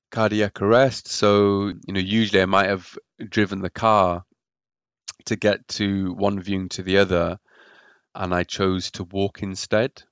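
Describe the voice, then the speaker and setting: A man's voice: fairly low pitch, clear, resonant tone, no room sound, dull audio. A man telling his own story as a podcast guest, hesitant and often repeating words. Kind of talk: personal story in a podcast interview.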